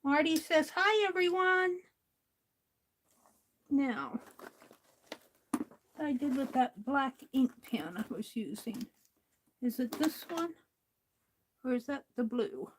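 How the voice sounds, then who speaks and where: A woman hosting a craft livestream, thinking aloud in a slow, musing way as she works. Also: sits high, expressive, a little mellow, a little hiss or hum. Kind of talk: casual talk while crafting.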